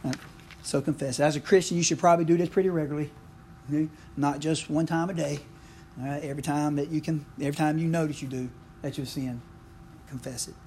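A middle-aged man preaches in a chatty, folksy way. His voice sits a little high. Faint noise hums behind him in the church recording. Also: steady tone, quick pace, darkish tone. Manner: folksy, conversational preaching with frequent asides. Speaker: pastor. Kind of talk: sermon.

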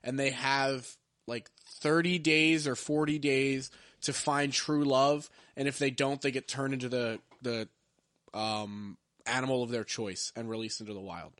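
A man's voice: medium pitch, fairly even intonation, measured pace, a bit bright, no echo, clean studio sound. A man hosting a podcast, chatting casually about movies he ranks, rambling with lots of filler words. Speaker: podcast host. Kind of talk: casual movie-ranking chat.

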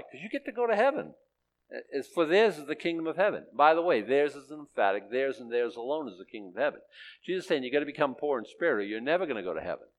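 Conversational preacher man, lively pitch. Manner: conversational preaching with emphatic peaks. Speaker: pastor. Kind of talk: sermon.

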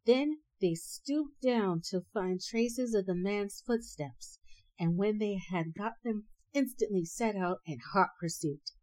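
A woman's voice: medium pitch, slow, no room sound, rough recording. Playful woman reading a folk tale. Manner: playful, animated asides. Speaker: storyteller. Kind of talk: storybook reading.

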